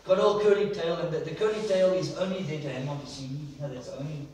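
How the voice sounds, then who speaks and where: A man's voice: on the high side, quick pace, darkish tone, slight background noise. A man preaching an enthusiastic sermon in a church, repeating words for emphasis. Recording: echoey church hall from far off.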